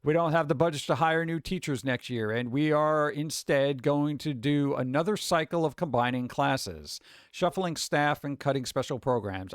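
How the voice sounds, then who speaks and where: A streamer who grew up on the East Coast of the United States rants casually on a livestream, reading chat and posts aloud. He keeps cutting in with blunt, profane, sarcastic asides. His voice is fairly high, and the recording is dry with clean studio sound.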